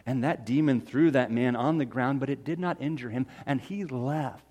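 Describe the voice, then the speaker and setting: A man's voice: mid-range voice, normal speed, close to an everyday voice. A man playing the fisherman Peter, folksy. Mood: earnest. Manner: folksy and conversational, swinging from loud to hushed. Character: the fisherman Peter, a grown man telling his story. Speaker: storyteller in character. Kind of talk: first-person Bible story monologue.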